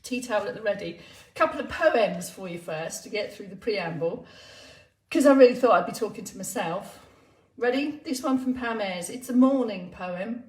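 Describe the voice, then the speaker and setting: A woman's voice: mid-range voice, lively intonation, moderate pace. A woman exercise instructor chatting playfully on a live stream, laughing often. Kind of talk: live-streamed casual chat. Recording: roomy, distant sound.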